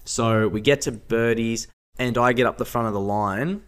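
A man, a podcast guest telling a story in casual chat, acting out quotes with big jumps in pitch and laughing often. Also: normal speed, clean tone.

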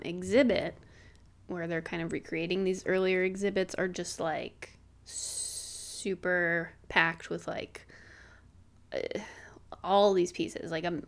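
A young woman co-hosting a podcast in casual chat, rambling with lots of fillers and laughing easily. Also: on the low side. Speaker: podcast co-host.

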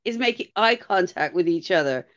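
A woman co-hosting a podcast, chatting casually about a reality show, animated and quick to laugh. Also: fairly low pitch, lo-fi sound. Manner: animated, mimics people, laughs often. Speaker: podcast co-host.

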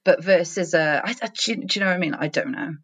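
A woman's voice: lowish voice, quick pace, slightly rough. A Welsh woman from South Wales, co-hosting a podcast in chatty, playful casual conversation. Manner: chatty, animated, playful teasing. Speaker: podcast co-host. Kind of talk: casual chat.

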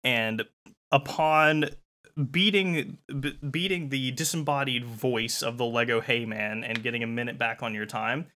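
A man's voice: medium pitch, measured pace, sharp tone. A man hosting a comedic dungeon game show as game master, narrating playfully with many fillers.

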